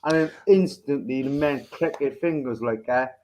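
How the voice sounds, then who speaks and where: A man's voice: medium pitch, normal speed, darkish tone. A man hosting a podcast, ranting in a crude, profane, rambling comic manner. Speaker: podcast host. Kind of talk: crude comedic rant.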